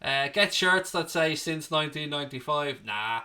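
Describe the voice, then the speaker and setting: A man's voice: a little high, expressive, moderate pace, pushed and bright. A man, hosting a casual live stream, reading out viewer comments and joking back with banter and swearing. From Ireland. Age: 30s. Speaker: fan channel host reading live chat. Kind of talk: casual livestream chat.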